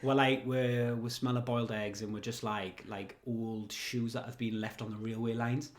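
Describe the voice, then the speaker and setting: A man's voice: medium pitch, little pitch movement, moderate pace, echoey room, background noise. A man co-hosting a comedy podcast, riffing on silly, absurd ideas. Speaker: podcast co-host. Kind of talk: casual comedy chat.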